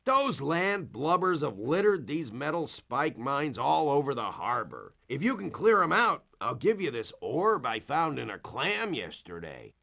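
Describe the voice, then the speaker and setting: A man voicing a helpful adult male bird working at a harbor in a video game, with a slow, animated, gravelly delivery. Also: fairly high pitch, exaggerated voice. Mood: pleading. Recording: game audio played back.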